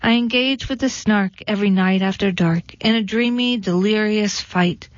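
A woman voicing a mild-mannered, tearful male baker who tells his tale in a gentle, plaintive way. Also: medium pitch, normal speed, dry recording, natural voice. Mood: woeful. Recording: dull lo-fi dry recording.

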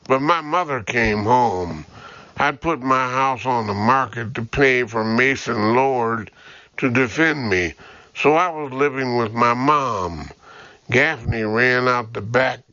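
A man's voice: mid-range voice, takes it slowly, pushed and bright, no room sound, lo-fi sound. A man reading an audiobook, voicing a bitter, frightened young mother who was wrongly imprisoned, pleading and defiant.

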